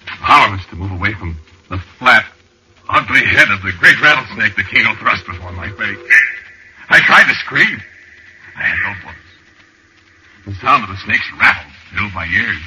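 A man's voice: lowish voice, lively intonation, normal speed, lightly acted. A man narrating a 1940s radio drama in the first person, telling a frightening dream with tense, dramatic delivery. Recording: hissy, muffled old radio recording.

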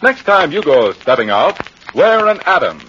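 Man as old-time radio announcer, animated pitch, dull broadcast sound. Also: normal speed. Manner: smooth, salesy. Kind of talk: 1940s radio advert read. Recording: lo-fi old radio with faint hiss.

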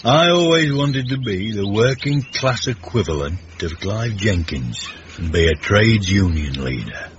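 A man's voice: lowish voice, animated, measured pace. An actor playing a genteel, pompous middle-aged man in a radio comedy, speaking in an affected, prissy, theatrical way. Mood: wistful. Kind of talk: 1980s radio comedy acting. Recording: dull, faintly hissy radio recording.

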